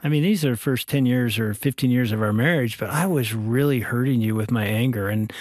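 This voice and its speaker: A man's voice: medium pitch, fairly quick, dry recording, clean studio sound. A man co-hosting a radio show, talking with his wife in an earnest, reflective way. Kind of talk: casual studio conversation.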